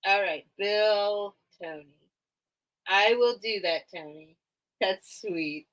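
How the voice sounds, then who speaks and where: Slow-talking woman hosting a live sale. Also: medium pitch, a bit bright, lo-fi sound. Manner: chatty and easily sidetracked, talking to viewers and her cat. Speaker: live sale host selling vintage items. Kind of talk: casual live-stream selling chat.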